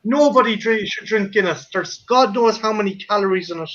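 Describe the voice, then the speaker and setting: High, bright-voiced Irish man ranting. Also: a little fast. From Ireland. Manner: profane, ranting storyteller. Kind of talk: casual podcast chat. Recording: slightly muffled audio.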